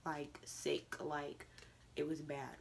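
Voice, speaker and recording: A woman's voice: deep voice, completely flat delivery, takes it slowly, creaky, background noise. A teenage girl vlogging a casual advice rant to camera, with a stuffy, congested nose, filling every phrase with "like". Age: teens.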